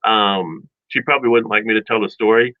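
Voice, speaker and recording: A man's voice: lowish voice, fairly quick, no room sound. Guy on a radio show rambling thru a childhood story, does little voices for his family, slightly muffled broadcast sound. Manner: rambling, animated storyteller acting out family quotes. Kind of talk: casual storytelling chat. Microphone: studio microphone.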